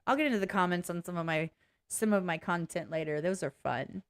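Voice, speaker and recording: A woman's voice: lowish voice, fairly quick. A woman vlogging casually in a blunt, candid way, swearing freely, rambling and restarting as she talks. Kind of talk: casual reaction vlog.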